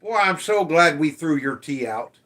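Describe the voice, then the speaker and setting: A man's voice: fairly high pitch, expressive, moderate pace, bright, forceful tone. A man hosting a casual livestream, reading viewer comments aloud and teasing them, swearing freely. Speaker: livestream host.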